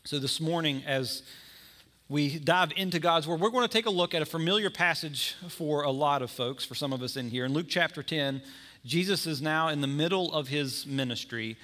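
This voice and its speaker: A man's voice: fairly high pitch, moderate pace, pushed and bright. A man preaching a sermon in a conversational way, now and then acting out the people in his story. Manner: conversational preaching with acted-out scenes. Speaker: pastor.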